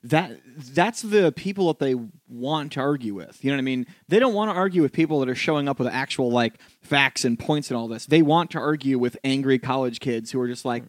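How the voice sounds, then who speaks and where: A man's voice: medium pitch, expressive, a little fast, hardly any pauses, dry recording, clean studio sound. A man hosting a casual podcast, talking in a loose, jokey way with many fillers. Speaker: podcast host.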